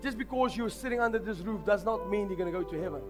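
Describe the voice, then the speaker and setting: A man's voice: sits high, fast. A man preaching a sermon, telling stories with emphatic delivery. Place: large church hall. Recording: long hall reverb with faint music.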